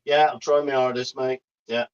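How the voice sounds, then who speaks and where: A man's voice: medium pitch, level tone, normal speed, clean tone, lo-fi sound. An easygoing man co-hosting a live stream from a remote call, often saying "mate". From England. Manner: easygoing, says "mate" a lot. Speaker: co-host watching the stream comments. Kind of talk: casual live-stream chat.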